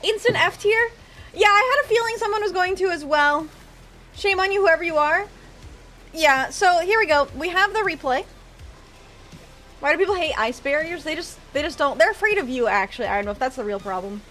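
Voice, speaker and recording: A woman's voice: extremely high pitch, animated, fairly quick, pushed and bright, slight background noise. A woman streaming from home, chatting casually and teasing her viewers in chat.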